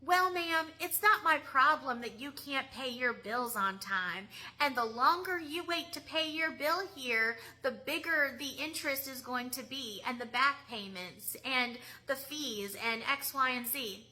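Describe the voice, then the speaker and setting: A woman acting out a condescending female loan office clerk, scolding in a high, bright, sharp voice. She sounds cold and dismissive. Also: unhurried, hardly any pauses, exaggerated voice.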